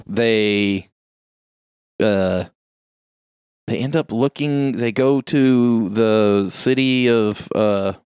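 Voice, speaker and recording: A man's voice: fairly low pitch, extremely slow, long pauses, darkish tone, clear, resonant tone, no room sound, studio quality. A man casually recapping a movie for friends, rambling with lots of fillers and swearing. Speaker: podcast co-host recapping a movie.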